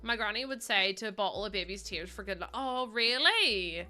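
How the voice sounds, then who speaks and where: A woman's voice: medium pitch, animated, normal speed, bright, forceful tone, soft background music. A woman around thirty chatting casually with her viewers while she streams a game, laughing often and answering their messages. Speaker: livestreamer.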